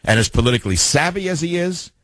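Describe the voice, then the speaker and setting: A man's voice: fairly high pitch, animated, fast, a bit bright, no echo. An older man hosting a talk radio show, delivering an opinionated, combative monologue with rhetorical questions. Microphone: studio mic.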